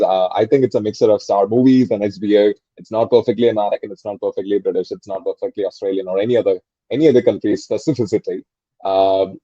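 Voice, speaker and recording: A man's voice: fairly low pitch, mellow, no room sound, highs cut off. A man in his twenties whose first language is Malayalam, an English tutor chatting casually and thinking aloud with many fillers and restarts. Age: 20s. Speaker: English tutor and soft skills trainer. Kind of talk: casual conversational interview.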